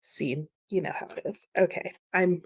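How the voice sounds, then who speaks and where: A woman's voice: fairly low pitch, steady tone, normal speed, husky. A woman hosting a live reading stream, casually reading out viewer comments and answering them with frequent laughs, sounding a little sleepy this morning. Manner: chatty, giggly, reads comments aloud and answers viewers. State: sleepy, slow-brained morning.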